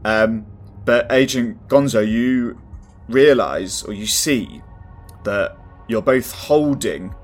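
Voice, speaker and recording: A man running a tabletop game as game master. His voice sits at a middling pitch, and he talks in an easygoing, laughing way. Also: animated, slow pace, faint music behind.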